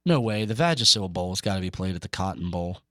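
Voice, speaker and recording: A male co-host of a sports talk show, bantering with a joking, playful manner. His mid-pitched voice swings widely as he riffs on jokes, and the sound is dry and close. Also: expressive, fast, bright, forceful tone, no echo. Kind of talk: casual comedic banter.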